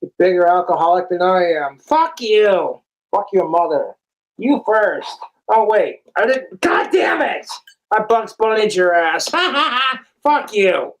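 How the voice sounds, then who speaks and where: Slow, crude man bantering with himself. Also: high-pitched, very animated. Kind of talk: comic self-talk skit in two voices.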